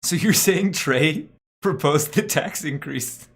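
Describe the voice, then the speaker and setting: A man's voice: fairly high pitch, animated, takes it slowly, a bit bright. A young man hosting a casual stock market live stream, reading his chat aloud and joking around with slangy banter and frequent laughs. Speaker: stock market livestream host.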